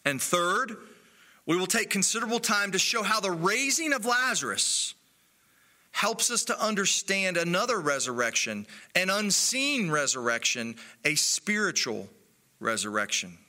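A man delivers a sermon in an earnest, measured way, leaning on his pauses. His voice sits fairly high and moves around a great deal in pitch, with a very bright, forward tone, and he takes his time. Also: big pitch swings. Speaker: pastor.

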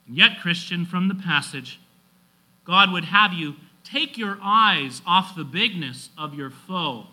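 A man preaching to his congregation in a high voice with a very bright, sharp edge. He reads quotations from his manuscript and climbs into loud, emphatic exhortation. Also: lively intonation, takes it slowly, low-quality recording. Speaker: pastor. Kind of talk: sermon.

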